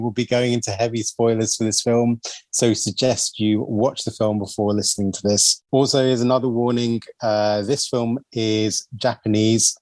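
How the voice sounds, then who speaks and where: A man's voice: lowish voice, a little mellow, dry recording. Rambling male podcast host, dry close sound. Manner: rambling, with fillers and laughs. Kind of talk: casual podcast chat.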